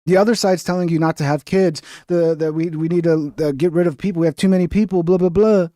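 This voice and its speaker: Blunt, profane male streamer with a mellow voice. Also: a little high, steady tone, fast talker, dry recording, clean studio sound. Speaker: streamer host. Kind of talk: casual reaction commentary.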